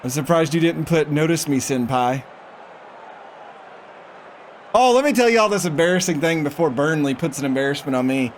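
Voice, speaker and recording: A man's voice: a little high, expressive, quick pace, a little hiss or hum. A man streaming a football management game, chatting casually and reading the game's prompts aloud as he reacts to them. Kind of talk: casual gameplay commentary.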